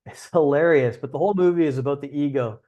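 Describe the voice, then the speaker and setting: A man's voice: a little high, quick pace, warm tone. A young man hosting a livestream, talking casually and bluntly as a dating coach, with frequent swearing. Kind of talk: livestream talk.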